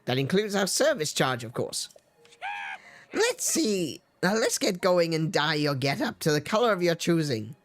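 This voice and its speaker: A man's voice: on the high side, huge pitch swings, measured pace, fairly bright tone, a little hiss or hum, exaggerated voice. A man voicing a cheerful male dye shop keeper in a video game, greeting customers with salesy patter over faint game music. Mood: chirpy.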